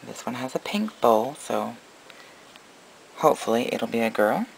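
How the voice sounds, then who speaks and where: A man narrating a casual breeder vlog with a gravelly, creaky texture in his voice. He slips between doting, cooing baby talk aimed at his animals and straightforward explanation for the viewer. His pitch sits in an ordinary middle range. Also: sing-song, measured pace, a little hiss or hum, rough recording. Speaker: reptile breeder.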